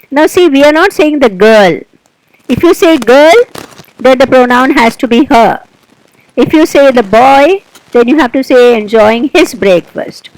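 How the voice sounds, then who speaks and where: A woman teaching an English grammar lesson, explaining slowly and deliberately and putting questions to the learner. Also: on the high side, darkish tone, no room sound, low-quality recording.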